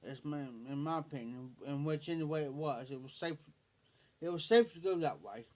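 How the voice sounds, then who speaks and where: A man's voice: on the high side, moderate pace, a little mellow. A man with a rural Ohio accent telling a folksy story on a late-night stream, laughing as he goes. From Ohio, USA. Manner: folksy, laughing as he tells a yarn. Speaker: livestreamer.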